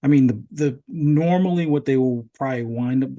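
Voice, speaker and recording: Man, podcast co-host, mellow tone, hesitant thinking-aloud delivery. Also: mid-range voice, moderate pace, highs cut off. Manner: hesitant, restarts sentences while reasoning. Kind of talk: casual gaming podcast chat.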